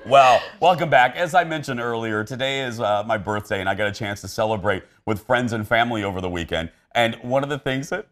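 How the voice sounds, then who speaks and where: A man in his forties hosting a studio talk show, animated, laughing often and stumbling over his words. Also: mid-range voice, a little fast. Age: 40s. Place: TV studio with live audience. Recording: studio with loud audience.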